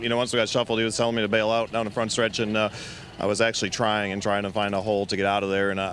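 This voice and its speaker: A male race driver interviewed at trackside after a crash, talking in a halting, disappointed way. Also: lowish voice, a bit bright, a little hiss or hum.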